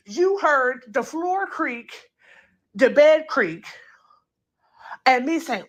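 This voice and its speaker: A woman hosting a casual true crime chat, talking it through in an animated, incredulous way and acting out quotes, with plenty of filler words. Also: high voice, extremely slow. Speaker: true crime channel host. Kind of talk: casual commentary.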